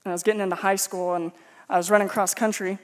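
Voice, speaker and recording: A man's voice: high voice, little pitch movement, quick pace, clean tone. A man from Texas preaching as a pastor, telling personal stories in a humorous, conversational, self-mocking way. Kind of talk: sermon with personal storytelling.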